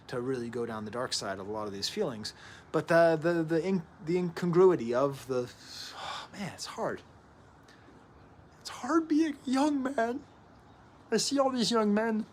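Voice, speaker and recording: A man in his thirties, talking through an album at home in an animated, rambling way with joking asides. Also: medium pitch, a little hiss or hum. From United States. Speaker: record reviewer. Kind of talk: casual music analysis to camera.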